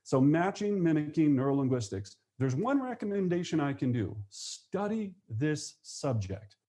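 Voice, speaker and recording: A man teaching a live real estate webinar, energetic, acting out sales phone calls in quick voices. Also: fairly high pitch.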